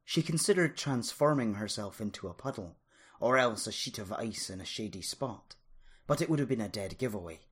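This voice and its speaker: Husky, expressive audiobook narrator. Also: medium pitch, moderate pace. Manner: expressive, dramatic reading. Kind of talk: scripted story narration.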